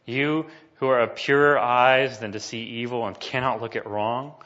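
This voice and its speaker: A man's voice: medium pitch, steady tone, normal speed, a bit bright, dull audio. A man preaching a sermon, reading scripture passages aloud with rising emphasis and talking casually to the congregation between them. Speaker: pastor.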